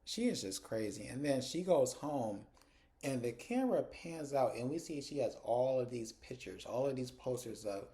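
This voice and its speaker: A man's voice: medium pitch, expressive, moderate pace, mellow. A man casually recapping a TV episode, blunt and chatty, talking straight to his viewers. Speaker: TV episode reviewer.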